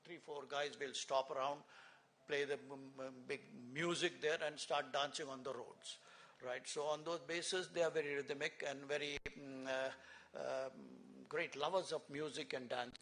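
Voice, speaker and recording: A man in his seventies with an Indian English accent tells rambling stories on stage, full of fillers and chuckles. His voice sits a little high for a man. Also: fairly even intonation, moderate pace, fairly bright tone, a little hiss or hum. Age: 70s. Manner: rambling storyteller with many fillers and restarts, chuckling. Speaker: guest speaker, former cricketer. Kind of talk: anecdotal speech at a symposium. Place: conference hall, live event.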